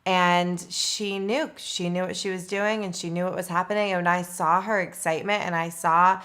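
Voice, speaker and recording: A woman with a somewhat low pitch tells her own birth stories in casual conversation. She is candid and open, and she turns animated when she quotes other people. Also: normal speed. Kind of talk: casual personal storytelling.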